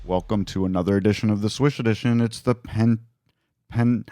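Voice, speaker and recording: A man's voice: lowish voice, steady tone, brisk, over music. A man co-hosting a casual comedy podcast in a studio, chatty and laughing as he reads news items. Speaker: podcast co-host.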